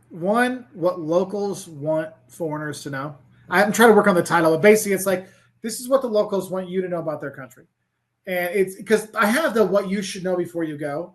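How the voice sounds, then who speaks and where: A middle-aged man, a travel creator, chatting casually in an interview, rambling with lots of "like" and restarts. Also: high-pitched. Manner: rambling, animated, full of "like" and restarts. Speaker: travel creator and professor, guest.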